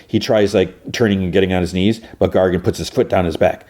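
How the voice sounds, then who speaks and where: A man's voice: deep voice, steady tone, a little fast, hardly any pauses, a little mellow. A man hosting a podcast, casually recapping an episode in a rambling way with lots of fillers. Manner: rambling, full of fillers and restarts. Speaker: podcast host.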